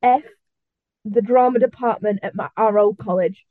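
A young woman, a guest on a casual podcast, candid and animated as she tells stories. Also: mid-range voice, normal speed, no room sound, faint music behind. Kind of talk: casual film podcast chat. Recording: dry phone-like remote audio.

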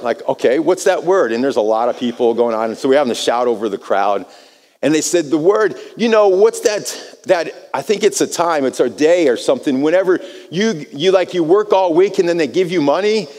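An American man preaching a sermon, telling a personal story in an animated way and often repeating words as he starts a phrase. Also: a little high. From United States. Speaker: pastor. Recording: long hall reverb.

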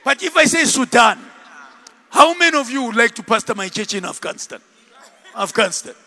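A man preaching a sermon, animated, shouting and laughing with the congregation. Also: very high voice, a little fast. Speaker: pastor. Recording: long hall reverb.

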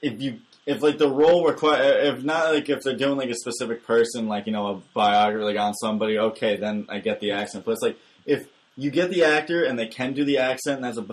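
Halting man full of fillers. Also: medium pitch. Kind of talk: casual chat.

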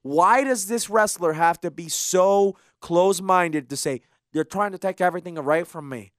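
A co-host of a wrestling podcast, telling the story in a fired-up, animated way. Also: mid-range voice, normal speed, dry recording, studio quality. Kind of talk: casual wrestling podcast chat.

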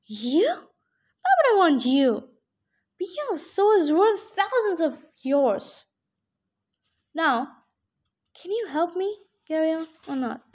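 A curt, brooding boy who is impatient with everyone, as a woman reading a storybook aloud gives him voice. His lines come clipped and insistent, at a high pitch. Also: sing-song, slow pace, pauses often, a little mellow, exaggerated voice.

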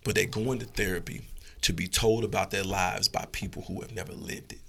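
A man giving blunt, profane, animated opinions as a guest in a casual podcast chat. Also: low-pitched, a little fast, gravelly, slight background noise.

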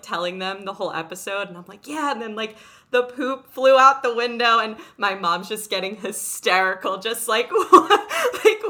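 A woman hosting a casual interview, telling stories with lively, laughing energy and asking her guests questions. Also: medium pitch. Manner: animated, laughing storyteller. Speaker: podcast host interviewing guests.

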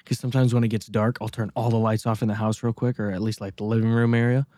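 A man's voice: on the low side, flat delivery, fast, mellow, no echo, studio quality. A man co-hosting a casual podcast, telling rambling stories full of restarts and swearing. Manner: rambling, profane, storytelling with many restarts. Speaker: podcast co-host.

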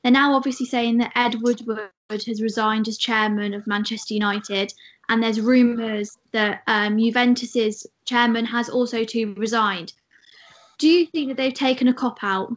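A woman co-hosting a football podcast, briskly passing on breaking news and putting a question to a guest. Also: on the high side, fairly even intonation, low-quality recording. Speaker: podcast co-host. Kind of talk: casual podcast discussion.

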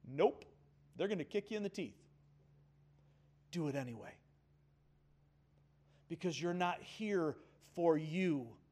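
A man putting on a calm, firm divine teacher, low and unhurried, steady and patient, with an even, measured delivery that never rushes. The voice sits lower than the preacher's own, level and sure.

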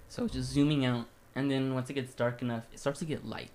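A man's voice: mid-range voice, steady tone, fast, a little mellow. Profane young man telling a wild story. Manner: loose, profane storytelling with lots of "like". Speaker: podcast co-host. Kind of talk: casual storytelling chat.

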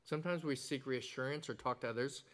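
A man's voice: mid-range voice, fast talker, a bit bright. Earnest man preaching a sermon. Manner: earnest, explanatory, with rising emphasis on key words; conversational asides and fillers. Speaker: pastor.

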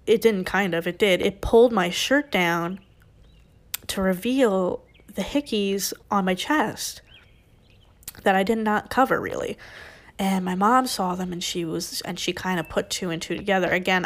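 A young woman on a podcast telling a personal story in an emotional, rambling way, often restarting her sentences. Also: medium pitch.

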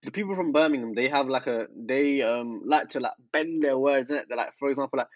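A man's voice: mid-range voice, quick pace, dry recording, muffled recording. A young man, chatting casually with lots of fillers and restarts. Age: young adult. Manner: hesitant, full of fillers and slang. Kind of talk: casual chat.

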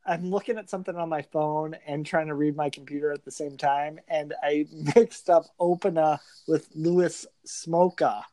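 A man's voice: fairly high pitch, normal speed, few pauses, no room sound. A man co-hosting a casual podcast, reading out fight lineups with dry asides. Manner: reads lineups in a flat listing way, dry asides.

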